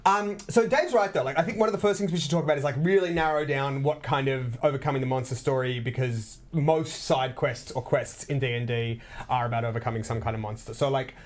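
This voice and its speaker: A woman's voice: very deep voice, brisk, hardly any pauses, darkish tone. A woman with an Australian accent, co-hosting a casual planning chat, rambling with fillers and laughing often. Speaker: podcast co-host leading game planning.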